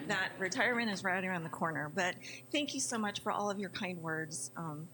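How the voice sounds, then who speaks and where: A woman's voice: mid-range voice, animated, rough recording. Tearful older woman, crowd nearby. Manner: tearful, emotional, halting. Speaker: retiring city employee. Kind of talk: farewell remarks at a council meeting. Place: city council chamber.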